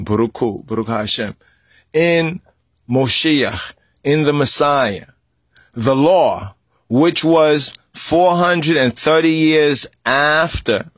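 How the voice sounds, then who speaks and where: A man's voice: mid-range voice, no echo. Man teaching scripture, asking "right?" again and again. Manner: repetitive, asks "right?" constantly, spells out word meanings; rising to loud outbursts. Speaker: religious teacher.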